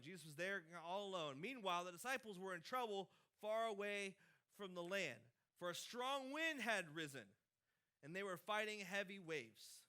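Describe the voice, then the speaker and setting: A man preaching a sermon as pastor, talking casually and swinging between loud emphasis and quiet asides. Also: sits high. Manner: conversational preaching with dynamic swings in loudness.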